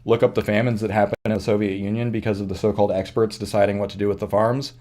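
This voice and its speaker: A man hosting his channel speaks quickly in a low, warm voice with a level tone. His unscripted monologue commentary is earnest and reflective as he works through ideas, often restarting and correcting himself partway through sentences.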